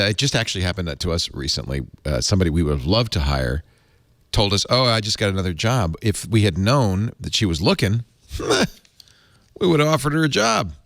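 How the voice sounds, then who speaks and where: A middle-aged man hosting a tech podcast, chatting casually and reading an ad in an animated, rambling way. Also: mid-range voice, no room sound, studio quality. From Rhode Island. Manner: animated, rambling ad delivery with restarts. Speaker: podcast host. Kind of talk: casual tech podcast chat and live ad read.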